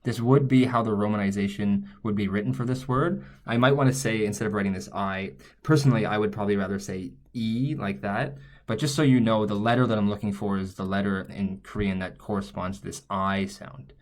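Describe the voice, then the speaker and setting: A man's voice: fairly low pitch, fairly even intonation, brisk, darkish tone. A man teaching a lesson, explaining step by step as he writes, often stopping to correct himself. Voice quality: thinking aloud, frequent self-corrections. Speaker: language teacher. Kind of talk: explaining while writing on screen.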